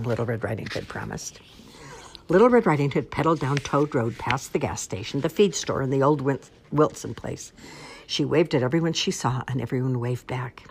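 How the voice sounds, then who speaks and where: A woman narrating a children's storybook aloud in an expressive, measured way. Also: extremely low pitch, a little hiss or hum.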